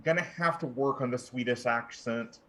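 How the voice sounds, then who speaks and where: A man, a player in a tabletop game, describing his character in relaxed, rambling sentences with fillers. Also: medium pitch, moderate pace.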